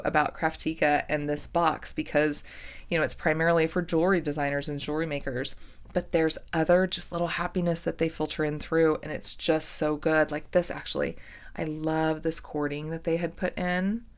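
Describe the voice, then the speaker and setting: Woman, low voice, slow and unhurried, gushing, slips into whispers, unboxing vlog. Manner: gushing, excited, often drops to a whisper. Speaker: jewelry-making channel host.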